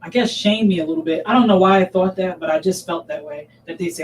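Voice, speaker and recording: A woman telling a personal story as a guest, close to tears and halting, with many restarts. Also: on the low side. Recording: distant mic with faint noise.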